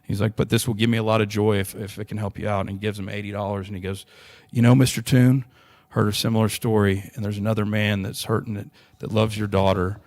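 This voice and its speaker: A man's voice: on the low side, level tone, fast, hardly any pauses, dry recording. A young adult man, earnestly telling a long personal story in a podcast interview, with frequent restarts. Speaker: interview guest.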